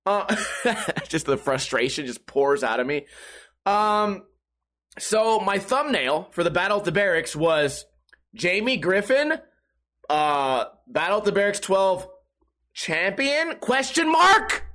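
A man's voice: high voice, expressive, a little slow, long pauses, fairly bright tone. A young man hosting a comedic podcast, ranting in an exasperated, profane way with mocking voices. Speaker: podcast host.

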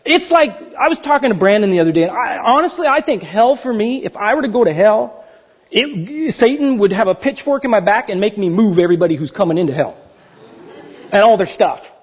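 A pastor in his thirties delivers a lively sermon in a high, husky voice. He swings between loud, high exclamations and slow, hushed pleading. The recording sounds dull and lo-fi.

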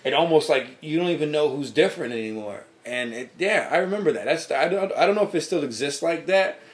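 A man's voice: fairly high pitch, expressive, quick pace. A man co-hosting a podcast, telling rambling, profane stories in casual chat. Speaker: podcast co-host.

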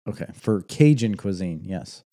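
A man in his late thirties chatting casually as a co-host, with a low, mellow voice. He teases his partner and drops easy jokes. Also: lively intonation, moderate pace. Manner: teasing, jokey. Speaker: podcast co-host. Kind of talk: casual chat.

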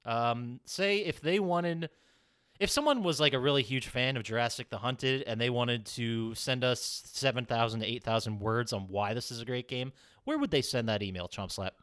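A man's voice: medium pitch, normal speed, a bit bright, smooth. A young man hosting a casual podcast, running the segments and laughing easily. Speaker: podcast host.

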